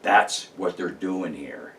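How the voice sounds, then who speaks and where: A man's voice: sits low, slow pace, a bit bright, far from the mic, a little hiss or hum. A man talking casually about his paranormal research, rambling and emphatic, with many restarts and fillers. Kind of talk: casual monologue to camera.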